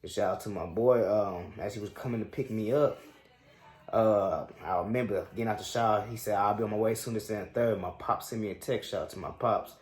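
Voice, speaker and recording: A man's voice: lowish voice, brisk, a little mellow, roomy sound. A young man in his twenties hosting a sports show, telling a personal story in a casual, slangy, reflective way with frequent fillers.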